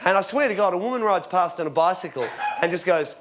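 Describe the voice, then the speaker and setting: A man in his forties doing a stand-up routine on stage, telling rambling deadpan stories with fillers and shouting out the punchlines. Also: high-pitched, fast talker. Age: 40s. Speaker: stand-up comedian. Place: comedy stage before a live audience. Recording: loud crowd laughter and applause, background noise. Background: audience laughing and clapping.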